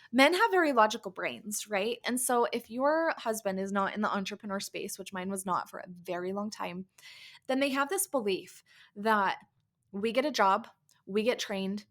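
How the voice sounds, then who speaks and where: A woman in her thirties hosting a podcast, giving a candid, conversational talk to mothers and often saying "like" and "right?". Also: medium pitch. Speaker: podcast host and coach. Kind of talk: casual podcast monologue.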